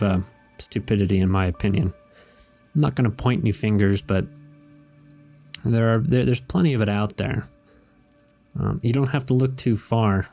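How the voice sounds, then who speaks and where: Rambling low-voiced male host. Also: dark tone. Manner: rambling, hesitant, chuckling. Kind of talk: casual comic-strip reading and commentary.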